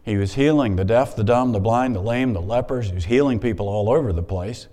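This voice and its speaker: A man preaching a sermon in a conversational, animated way, stopping often to explain the Scripture he reads. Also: on the low side, brisk. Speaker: pastor. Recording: hall reverb.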